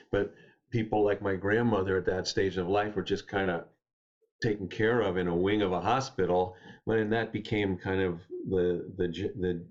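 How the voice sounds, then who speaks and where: A man speaking as a guest poet, telling stories and reading poems in a gentle, unhurried, reflective way. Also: low-pitched, highs cut off. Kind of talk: reflective storytelling and poetry reading.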